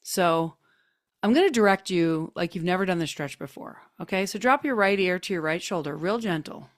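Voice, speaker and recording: A woman hosting a group video call, chatty and gently coaxing as she guides a neck stretch with soft, drawn-out cues. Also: fairly low pitch. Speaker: host leading a group session. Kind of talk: casual guided stretching instruction. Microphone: computer mic on a video call.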